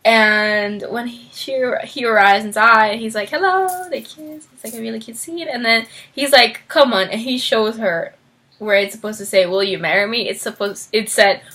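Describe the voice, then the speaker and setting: A young woman chatting excitedly about a book she loved. Her voice is bright and a touch high, and she jumps up in pitch whenever she acts out a character's line. She laughs easily and fills pauses with "um" and "like". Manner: frequent fillers and laughter. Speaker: book vlogger. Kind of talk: casual book review.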